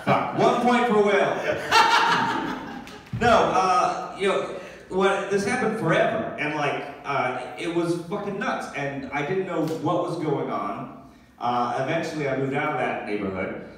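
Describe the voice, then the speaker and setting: A man doing comedic storytelling on a live podcast, animated and self-mocking, swearing freely. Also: fairly high pitch, a little slow. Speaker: comedian guest. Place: small venue with live audience. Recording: echoey room, mic picked up from a distance.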